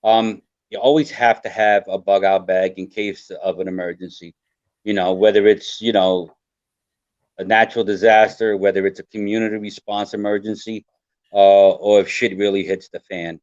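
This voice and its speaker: A man's voice: lowish voice, fairly even intonation, moderate pace, a little mellow, dry recording. Older man, earnest rambling survival talk. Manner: earnest, rambling, repeats himself. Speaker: guest survival expert. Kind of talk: casual podcast talk. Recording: dry, dull lo-fi sound.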